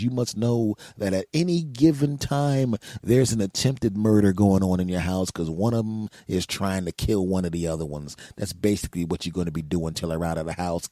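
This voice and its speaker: A man hosting a podcast, telling comic stories in an animated way, acting out voices and swearing often. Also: low voice, no echo, clean studio sound. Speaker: podcast host. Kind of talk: comedic storytelling monologue.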